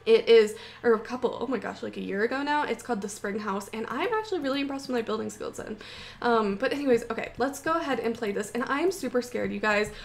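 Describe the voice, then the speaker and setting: A young woman giving excitable, panicky gameplay commentary, full of gasps and exclamations. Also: on the high side, fast, vocal fry. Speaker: gaming YouTuber.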